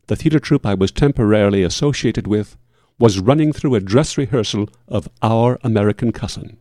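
A man reading a first-person horror tale as scripted narration, with a measured, solemn and formal delivery. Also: medium pitch, warm tone, dry recording, studio quality.

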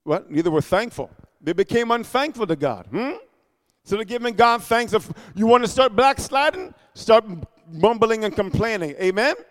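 A man preaching a sermon, animated and emphatic, calling out for responses and shouting at peaks. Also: high voice, moderate pace. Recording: long hall reverb.

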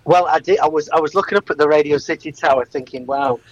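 Chatty radio guy, fairly high voice, dry close mic, laughs a lot. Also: fast, no room sound, lo-fi sound. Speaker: radio presenter. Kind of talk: casual radio chat.

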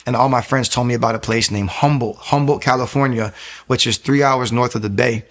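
A man in his thirties giving a personal faith testimony, talking fast, restarting phrases and growing louder and higher at emotional peaks. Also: steady tone. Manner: fast, rambling storytelling with frequent restarts.

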